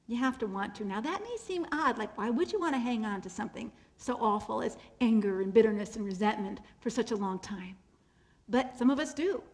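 A woman with a high, light voice gives a faith-based motivational keynote. She talks expressively and often slows and softens to land a point. She repeats her key phrases so they sink in. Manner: expressive, slows and drops to a soft voice for emphasis; repeats key phrases to drive them home. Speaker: keynote speaker.

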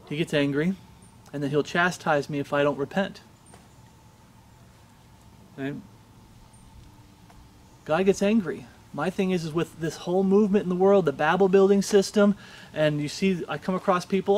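A man's voice: a little high, normal speed, pauses often, slight background noise. A male pastor preaching a sermon with passion, reading scripture aloud and pressing the listeners with rhetorical questions.

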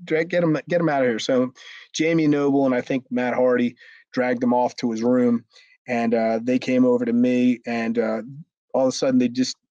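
A man, a former wrestler, telling a story in a casual interview, animated and profane, acting out what others said. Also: medium pitch, moderate pace, no room sound, dull audio. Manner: animated, acts out quotes with raised voice, frequent restarts and swearing.

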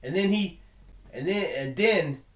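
A man's voice: sits high, lively intonation, a little slow, fairly bright tone, reverberant. A man giving an earnest personal monologue, emphatic and full of repeated words and restarts. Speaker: video blogger.

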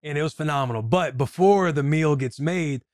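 A man's voice: fairly high pitch, a little mellow, no room sound, clean studio sound. A man co-hosting a podcast, telling a story in easygoing casual chat. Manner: easygoing storyteller, quick agreeing interjections. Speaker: podcast co-host.

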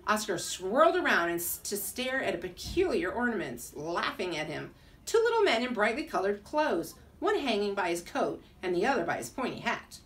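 A teacher in her fifties reads a children's bedtime story aloud and adds little asides to her listeners. Her pitch swoops up and down with lively expression. She sounds a bit far from the microphone. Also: moderate pace. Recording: voice from a distance.

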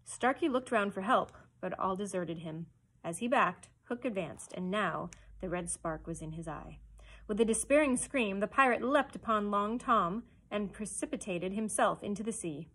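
A woman librarian reading a children's chapter book aloud with expressive storytelling narration. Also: medium pitch, moderate pace, breathy edge.

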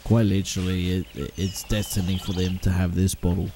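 A man's voice: low-pitched, level tone, a little fast, noisy background. A man with an Australian accent giving casual, chatty reaction commentary while watching a movie. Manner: chatty, exclamatory.

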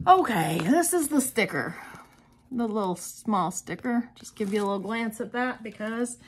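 A woman's voice: fairly high pitch, animated, normal speed, husky. A woman craft vlogger giving casual unboxing commentary, gushing with exclamations and chatty asides to her viewers.

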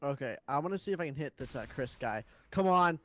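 Excitable high-voiced man gaming. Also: fast. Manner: excitable, laughing, tells stories. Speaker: gaming co-host. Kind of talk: casual gaming chat and storytelling.

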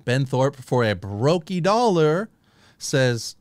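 A man's voice: mid-range voice, lively intonation, unhurried, a little mellow, dry recording. A man hosting a heated stream debate, combative and profane, mocking the other side. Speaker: stream host.

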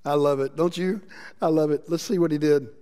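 Man, pastor, passionate sermon, fairly high voice, long church reverb. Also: fairly even intonation, brisk. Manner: impassioned preaching, shifts between loud emphasis and quiet. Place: church sanctuary.

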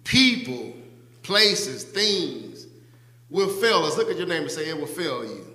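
Pastor guy preaching, kinda high voice, jokes with the folks in the pews, long church echo. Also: very animated, bright, forceful tone, slight background noise. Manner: playful, teasing the congregation by name; preaching with drawn-out, rising emphasis on scripture. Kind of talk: sermon. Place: church sanctuary. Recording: echoey church hall with long reverb.

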